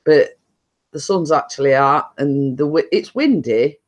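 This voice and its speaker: A woman's voice: deep voice, expressive, unhurried. A woman hosting a live chat stream, talking in a loose, rambling way full of "you know" and "I mean". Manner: rambling, lots of fillers and repeated phrases. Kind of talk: casual chat.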